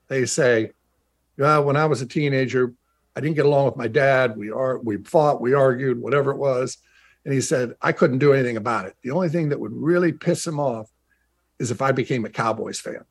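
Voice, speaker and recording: In a remote interview over video call, a middle-aged broadcaster who used to play pro football tells stories at a moderate pace in a mid-range voice. He restarts sentences in a chatty way and leans on repetition for emphasis.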